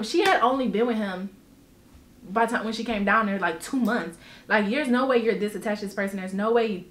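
A woman vlogger telling a personal story in casual storytime style, animated and emphatic, swearing freely. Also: mid-range voice, a little fast, echoey room.

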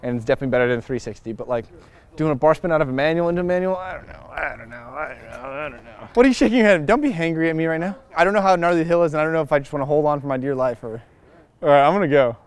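A man from Chicago chatting casually on a lapel mic outdoors, excitable and profane, with loud bursts and frequent laughs. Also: on the high side, racing, clear, resonant tone. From Chicago, USA. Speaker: scooter rider interviewed on a filming day. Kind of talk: casual chat while filming. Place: outdoors on city streets.

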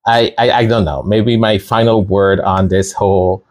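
A man's voice: on the low side, fairly even intonation, moderate pace. A middle-aged man from Canada talking casually to his viewers, chatty and rambling, often laughing and restarting his sentences. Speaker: channel host. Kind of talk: casual commentary monologue.

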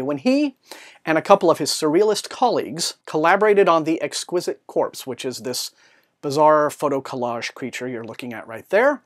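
A man presents a scripted book review as the host of his show. He talks in an articulate, measured way and slips in dry asides. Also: fairly high pitch.

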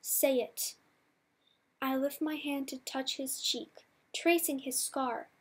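A woman reading a novel aloud in the first person, measured and softly dramatic. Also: sits high, steady tone. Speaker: audiobook reader.

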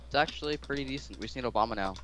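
A man making deadpan, crude jokes to friends over voice chat while gaming. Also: mid-range voice, rapid-fire, a crowd in the background. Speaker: player. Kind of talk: casual gaming banter. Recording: noisy voice chat mic.

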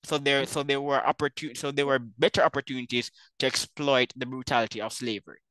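Brief: male interview host, measured delivery, bright tense tone, dry close sound. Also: mid-range voice, fairly even intonation, no echo. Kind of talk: conversational interview.

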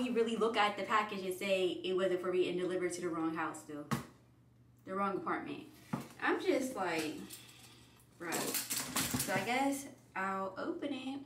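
A woman's voice: medium pitch, normal speed, far from the mic. A woman vlogger chatting casually and rambling through her week, telling stories with a lilt. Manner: chatty, rambling, animated storytelling. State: out of breath. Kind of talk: casual vlog chat. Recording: echoey room, voice off-mic, faint hiss.

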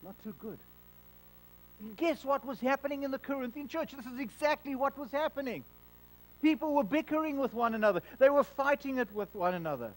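A pastor delivers a sermon earnestly, tripping over repeated words as he drives a point home and sinking to a soft hush on solemn lines. His voice is extremely high-pitched and expressive, his pace a little fast, and the audio quality is poor.

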